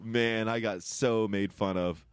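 A man in his forties from upstate New York, co-hosting a podcast in casual chat, animated and laughing often. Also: on the low side, measured pace, clear, resonant tone, no room sound, clean studio sound. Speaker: podcast co-host.

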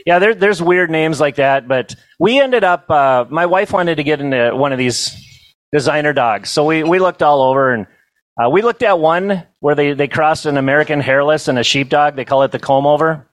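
A middle-aged man telling funny stories at a banquet, in a folksy, self-amused way with quick asides to the crowd. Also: fairly high pitch, dry recording, low-quality recording. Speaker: banquet storyteller and comedian. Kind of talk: humorous storytelling to a live audience.

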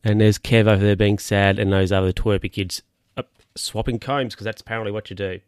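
A man's voice: on the low side, fairly even intonation, a little fast, smooth, dry recording. A man reading a children's picture book aloud, breaking off for wry, amused asides. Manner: amused, ad-libbing wry comments. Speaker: reader.

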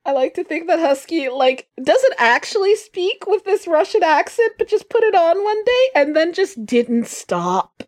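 A woman's voice: extremely high pitch, very animated, unhurried, few pauses, darkish tone. A woman running a tabletop game as game master, narrating with a playful manner.

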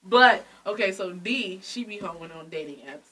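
Young woman host, bright lively voice, a bit off-mic with faint hiss, laughing storyteller. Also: medium pitch, moderate pace, breathy edge, far from the mic. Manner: loud, laughing storyteller, acts out quotes. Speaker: podcast host. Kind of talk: casual chat.

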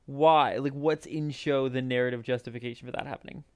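Smooth-voiced man cutting in. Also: mid-range voice, fairly even intonation, brisk, dry recording. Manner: questioning, cuts in. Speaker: podcast co-host. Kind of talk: casual chat.

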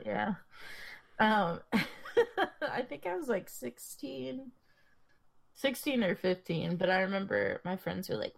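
A woman's voice: mid-range voice, lively intonation, takes it slowly, gravelly, long pauses. A young woman co-hosting a podcast, telling stories in a rambling way, swearing freely and laughing often. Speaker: podcast co-host. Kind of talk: casual chat.

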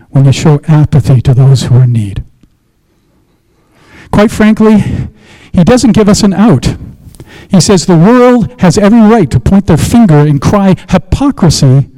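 A man's voice: fairly high pitch, mellow, low-quality recording. A middle-aged man preaching a sermon, telling a personal story in a conversational way and then praying aloud. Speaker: pastor.

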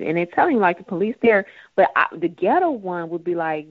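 Animated woman on a tinny phone line. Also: on the low side, moderate pace, hardly any pauses, no echo. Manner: animated, laughing, acts out voices. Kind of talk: casual chat.

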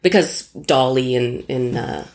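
Woman stage actor, low register; candid, self-deprecating chat guest with a salty mouth. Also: measured pace, a little mellow. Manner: candid, self-mocking, swears freely. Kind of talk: casual anecdote in conversation.

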